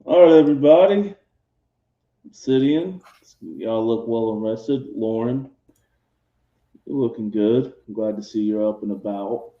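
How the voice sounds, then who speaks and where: A man playing a male squad commander who rallies and briefs his team with brisk orders. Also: fairly low pitch, roomy sound, muffled recording, close to an everyday voice. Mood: rallying.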